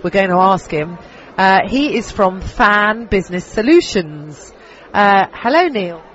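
A man's voice: high voice, animated, a little slow, fairly bright tone, highs cut off, slight background noise. A man with a head cold interviewing an exhibitor, chatty and friendly in his questions.

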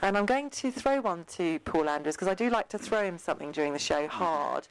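A woman's voice: fairly low pitch, expressive, a little fast, dry recording, rough recording. A woman co-hosting a radio show, gushing and laughing with a caller, full of ums. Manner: effusive, laughing, many fillers. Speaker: radio co-host. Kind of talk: casual radio chat.

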